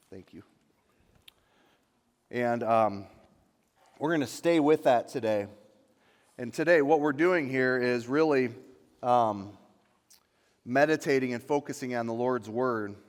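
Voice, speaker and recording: A male pastor preaching a sermon, building to loud, emphatic peaks on dramatic lines. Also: medium pitch, clear, resonant tone. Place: church sanctuary. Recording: long church reverb.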